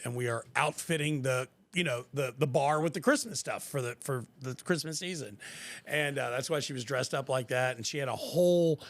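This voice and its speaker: A middle-aged man hosting a podcast, chatting casually and telling animated stories with acted-out quotes. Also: medium pitch, no room sound. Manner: animated storyteller, acts out quotes. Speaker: podcast host. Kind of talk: casual chat.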